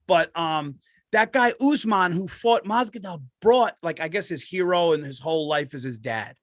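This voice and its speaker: A middle-aged man, a comedian co-hosting a podcast, telling stories in an excitable, profane way and laughing as he talks. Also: a little high, normal speed, no echo, clean studio sound. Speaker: stand-up comedian and podcast co-host. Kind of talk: casual podcast chat.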